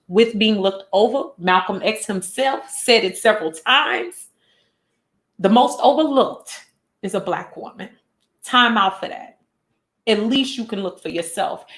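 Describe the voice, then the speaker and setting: Woman vlogger, impassioned and near tears, mid-pitched voice, echoey room. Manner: earnest, impassioned, repeats lines for emphasis. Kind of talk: emotional direct-to-camera vlog talk. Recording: roomy echo.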